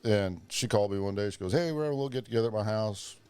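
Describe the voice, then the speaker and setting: A man's voice: lowish voice, very fast, a little mellow, smooth, dry recording. A man hosting a podcast, telling profane stories in casual chat and acting out the voices of the people he quotes. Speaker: podcast host.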